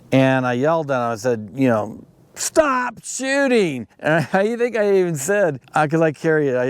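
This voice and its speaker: A middle-aged man with a clear, resonant, medium-pitched voice hosts a podcast, telling a story casually. He's animated, getting worked up and exclaiming as the tale goes on.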